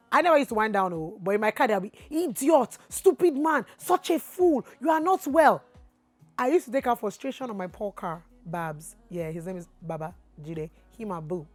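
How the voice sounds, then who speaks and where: A woman with a Nigerian accent telling a storytime vlog, swinging from low asides to loud outbursts. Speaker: vlogger.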